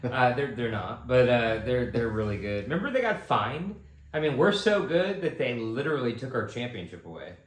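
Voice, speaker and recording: A young man co-hosting a podcast, telling stories casually and animatedly, shooting his voice up when acting out shouts. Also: moderate pace. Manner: animated storyteller, jumps high when imitating shouts. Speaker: podcast co-host. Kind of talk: casual chat. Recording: echoey room with faint background noise.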